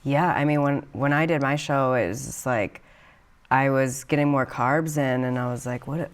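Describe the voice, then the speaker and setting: A woman hosts a casual podcast chat, leaning on "like" as she talks. Her voice sits low for a woman. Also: fairly even intonation, moderate pace. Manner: chatty, frequent "like" and laughs. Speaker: podcast host.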